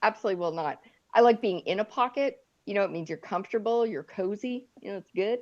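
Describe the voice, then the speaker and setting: A woman's voice: mid-range voice, fast talker, lo-fi sound. A woman doing a stand-up set, chatty and self-deprecating, often laughing at her own jokes. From Eastern Europe. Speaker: stand-up comic. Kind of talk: stand-up routine.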